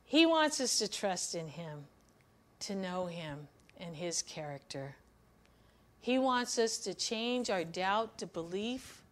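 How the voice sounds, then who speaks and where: A woman's voice: medium pitch, sing-song, slow. A woman giving a weekly devotional sermon, teaching from the Bible in an earnest, emphatic way. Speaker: devotional speaker.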